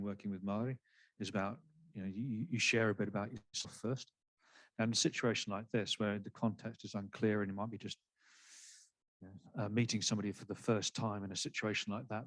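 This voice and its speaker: A man's voice: on the low side, dry recording. A man with a non-Canadian accent, a psychiatrist in a workshop discussion, speaking hesitantly with fillers and restarts.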